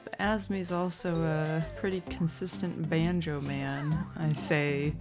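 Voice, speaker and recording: Female race commentator, low register, unhurried delivery, relaxed chatty style with frequent laughs. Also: music in the background. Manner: chatty, rambling, laughs often, quick to apologize. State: sleepy, yawning. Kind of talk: casual live commentary.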